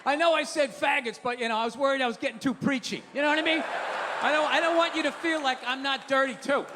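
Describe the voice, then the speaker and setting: A man's voice: very high-pitched, quick pace, long reverb tail, crowd noise, background noise. A man doing a stand-up comedy set, telling profane stories in a brash, ranting way. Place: comedy stage before an audience.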